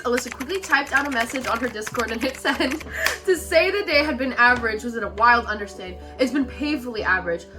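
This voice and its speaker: A woman in her twenties, a streamer, reading fan fiction aloud and breaking off to react in an animated, exclaiming way. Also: fairly high pitch, quick pace, music in the background. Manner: animated, exclaiming between passages.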